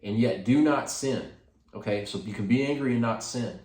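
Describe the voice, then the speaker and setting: A man's voice: medium pitch, normal speed, a little mellow, reverberant. A man hosting a casual devotional talk, speaking in a rambling way with many fillers and restarts. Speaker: host.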